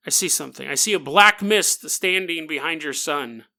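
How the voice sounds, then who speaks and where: A man putting on a mocking voice of a self-important older woman psychic, speaking in a hushed, overly solemn way. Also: deep voice, normal speed, pitched below the performer's own voice.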